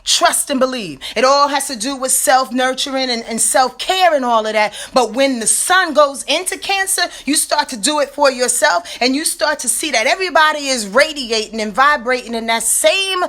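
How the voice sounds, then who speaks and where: A woman astrologer giving a casual weekly rundown, slangy and animated, talking straight to her listeners. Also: high-pitched, normal speed, hardly any pauses.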